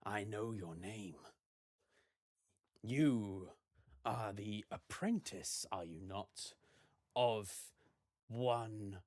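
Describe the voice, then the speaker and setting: Cryptic elderly shaman, played by a man, slow solemn murmur. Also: fairly low pitch, darkish tone. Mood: musing. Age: older. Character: old wise male marsh shaman, cryptic.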